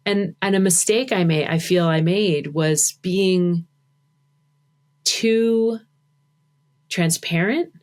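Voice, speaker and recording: A woman's voice: fairly low pitch, takes it slowly, pauses often, a little mellow. A woman talking as a podcast guest in casual conversation, chatty and full of "like" fillers.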